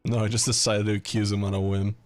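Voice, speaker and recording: Sex: man. Role: streamer. Style: casual game commentary. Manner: deadpan, joking, low voice, soft game music. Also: fast talker. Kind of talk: casual let's-play commentary.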